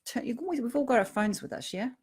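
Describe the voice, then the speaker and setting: A middle-aged woman giving a reflective personal talk, earnest, dropping to a hush and then rising to emphasis. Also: fairly high pitch, lively intonation, rapid-fire, husky. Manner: earnest, swings from hushed to emphatic. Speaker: speaker on emotional triggers.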